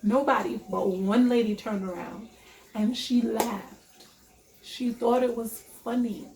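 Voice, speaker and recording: A young woman vlogger telling a story in a casual storytime vlog, animated, profane and emphatic. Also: a little high, takes it slowly, echoey room, slight background noise.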